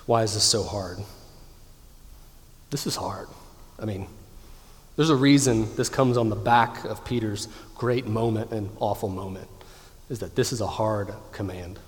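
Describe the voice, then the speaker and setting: A man in his thirties preaching a sermon with emphatic delivery, slowing down to stress key lines. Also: on the low side. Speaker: pastor. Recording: long hall reverb.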